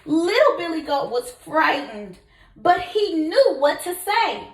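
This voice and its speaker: A woman, a kindergarten teacher, reading a children's story aloud in an expressive voice, pausing to ask the children questions. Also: very high voice. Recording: echoey room.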